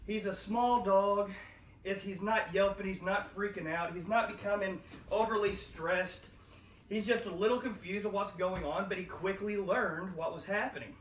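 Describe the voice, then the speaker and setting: A man training his dog indoors and explaining the method to the camera in a calm, explanatory way, recorded from a distance in a house. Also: sits high, slight background noise. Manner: calm, explanatory, praising a dog in a slow sing-song. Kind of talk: instructional video talk. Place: inside a house. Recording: echoey room, distant mic, faint ambience.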